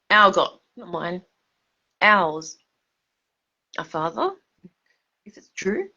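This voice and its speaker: A woman's voice: lowish voice, sing-song, takes it slowly, pauses often, bright, forceful tone, lo-fi sound. A drunk woman, rambling and swearing emphatically on a livestream, stumbling over her words.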